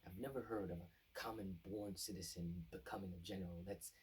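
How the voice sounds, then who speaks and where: A man's voice: deep voice, fairly even intonation, fairly quick, a little mellow, lightly acted. A man putting on the voice of a pompous, rank-obsessed nobleman, speaking indignantly.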